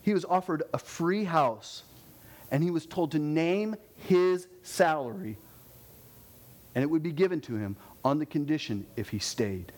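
A man delivers a sermon with animated, building energy, his voice slightly higher than most men's. He pushes upward in intensity, then sinks low and quiet to land his points. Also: unhurried. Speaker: preacher.

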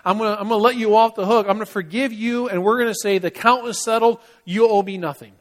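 A man's voice: high-pitched, steady tone, quick pace, close to an everyday voice. A man voicing a forgiving king who cancels a debt, speaking plainly and reassuringly. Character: forgiving king, generous and calm, male.

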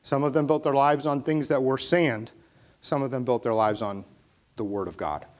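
In a conversational sermon at a moderate pace, a pastor with a medium-pitched voice tells his message in casual storytelling fashion. He breaks into emphatic bursts whenever he hits a key point.

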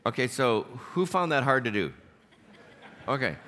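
A man's voice: mid-range voice, very animated, moderate pace, pushed and bright. A man, a pastor, preaching a sermon in a church and telling stories with humor, often laughing. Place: church sanctuary.

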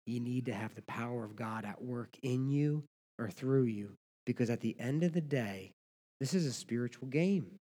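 A man from the United States preaching a sermon as pastor, swinging from loud emphatic lines to hushed ones. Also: medium pitch, moderate pace. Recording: long hall reverb.

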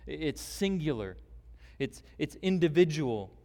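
A man preaching a sermon as pastor, deliberate and emphatic, with long pauses. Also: on the high side, lively intonation, a little mellow. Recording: long hall reverb.

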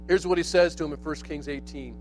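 A man giving a sermon as relaxed, lively storytelling, full of slang and conversational asides. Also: a little high, fast, background noise. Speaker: pastor.

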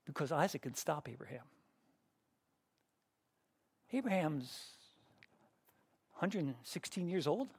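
Gravelly-voiced middle-aged man teaching a class. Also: a little high, expressive, slow pace, pauses often, no room sound. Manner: conversational, questions the class, frequent restarts. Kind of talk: interactive Bible teaching.

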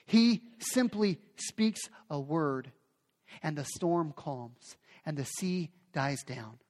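A man's voice: on the high side, animated, slow. A man preaching a sermon with emphatic delivery, often repeating phrases for effect. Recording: long hall reverb.

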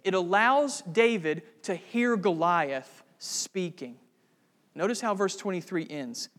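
Male pastor with a high voice, earnest sermon delivery that rises to fervent emphasis, long hall reverb. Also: expressive, slow pace, a bit bright.

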